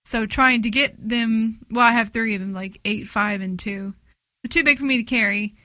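A woman with a bright, fairly high voice chats and teases her co-host on a podcast. The sound is dry and close, with no room echo. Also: moderate pace. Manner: teasing, chatty. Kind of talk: casual chat.

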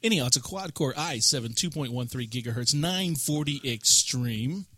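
Bright-voiced man chatting on a podcast. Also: medium pitch, expressive, normal speed, dry recording. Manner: chatty, rambling gamer talk. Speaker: podcast co-host. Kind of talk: casual chat. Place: podcast studio.

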